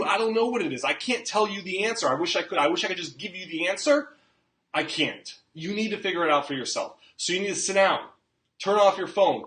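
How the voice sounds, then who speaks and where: A man's voice: a little high, a bit bright, reverberant. A man, a fitness coach, giving an emphatic motivational talk and often checking in with "okay?". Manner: emphatic, repeats "okay?", acts out quotes.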